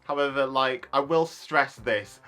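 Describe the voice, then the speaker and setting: A man's voice: mid-range voice, unhurried, bright, forceful tone, faint music behind. A young man, ranting casually in a vlog, chatty and full of likes and you knows. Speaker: YouTuber.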